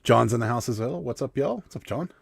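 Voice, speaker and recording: A man's voice: medium pitch, expressive, fast talker, vocal fry, slightly rough, no room sound. A man co-hosting a live reselling stream, chatting loosely and greeting viewers by name. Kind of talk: casual live-stream chat.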